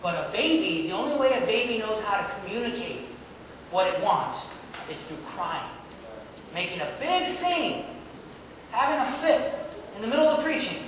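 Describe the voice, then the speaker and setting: A man preaching a lively, joking sermon to his congregation, calling for responses. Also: high voice, moderate pace, noisy background. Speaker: pastor. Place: church sanctuary. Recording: echoey hall, mic far off.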